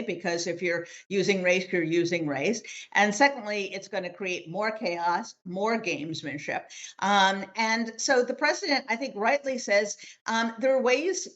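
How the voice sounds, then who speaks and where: A woman lawyer speaking as a guest on a political roundtable, making opinionated points in a measured way with frequent filler pauses. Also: medium pitch, fairly bright tone.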